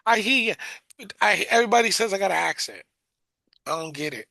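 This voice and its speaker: Sarcastic Bronx man, high gravelly voice. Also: fairly quick, no room sound. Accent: Bronx New York. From South Bronx, New York. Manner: sarcastic, animated storyteller. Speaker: podcast co-host. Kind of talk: casual chat, storytelling.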